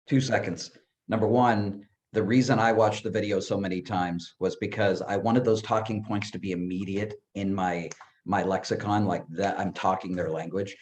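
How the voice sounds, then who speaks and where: A man's voice: low voice, fairly even intonation, normal speed, slight background noise. A man on a sales team call, eagerly sharing advice and retelling what a recruit told him. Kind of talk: enthusiastic team call remarks.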